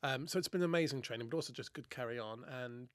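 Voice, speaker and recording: A man with an Irish accent co-hosting a comedy podcast, chatting in an animated, camp and theatrical way. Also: medium pitch, fast, dry recording, studio quality. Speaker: podcast co-host. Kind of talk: casual comedic chat.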